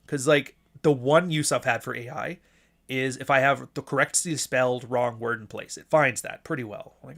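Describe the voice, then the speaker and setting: Man, livestream host, mid pitch, blunt swearing rant, casual delivery. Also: moderate pace, gravelly, fairly bright tone. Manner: profane, blunt, ranting. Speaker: podcast host.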